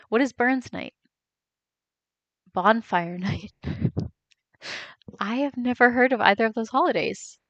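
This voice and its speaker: A young woman from the United States, a streamer chatting casually, reading out chat and reacting with quick laughs. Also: mid-range voice, fairly bright tone, no room sound, dull audio. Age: young adult.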